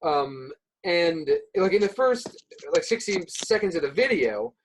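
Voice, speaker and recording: Lively-voiced young man rambling in a podcast. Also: a little high, unhurried, slight background noise, low-quality recording. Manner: hesitant, heavy with "like" and "uh", restarting sentences. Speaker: podcast guest, subreddit moderator. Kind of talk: casual podcast chat.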